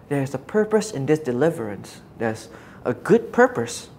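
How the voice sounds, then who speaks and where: Brief: an earnest preacher at mid pitch, reflective, with a faint hum behind the voice. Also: very animated, moderate pace, creaky, a little mellow. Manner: earnest, reflective, asks rhetorical questions. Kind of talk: Bible teaching.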